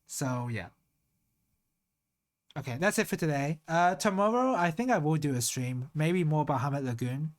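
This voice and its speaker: A streamer thinking aloud in casual live-stream talk, slowly sounding out Japanese words syllable by syllable and trailing off into mutters. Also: medium pitch, lively intonation.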